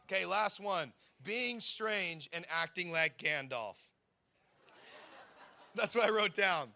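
High bright-voiced man preaching. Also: slow, vocal fry. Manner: storytelling, animated, acts out quotes. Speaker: pastor. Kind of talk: sermon.

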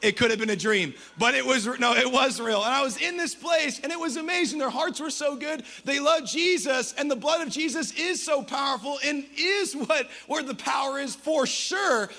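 A man preaching a sermon as a pastor, energetic and humorous, with quick conversational asides. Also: very high-pitched.

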